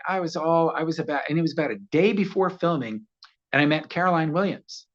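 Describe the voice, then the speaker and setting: Man, 60s, guest storyteller; animated, laughs a lot, acts out voices; slightly muffled audio. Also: on the high side, quick pace. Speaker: actor guest. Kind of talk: casual interview storytelling.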